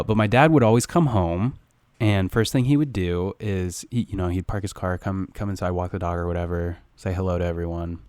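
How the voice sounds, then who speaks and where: A young man co-hosting a podcast in casual chat, rambling and crude, with sudden loud jumps. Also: deep voice, clear, resonant tone, no echo. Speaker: podcast co-host.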